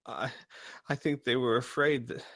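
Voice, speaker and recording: A man voicing a bullied young man in his late teens, talking in halting, apologetic bits. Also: mid-range voice, fairly even intonation, fairly bright tone, no room sound, studio quality, lightly acted. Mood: dejected.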